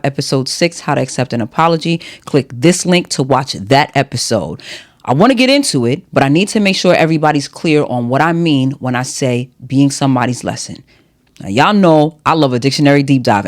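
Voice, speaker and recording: A woman hosting a solo podcast, talking to her listeners in a chatty, playful way while teaching at a whiteboard. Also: low-pitched. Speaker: podcast host.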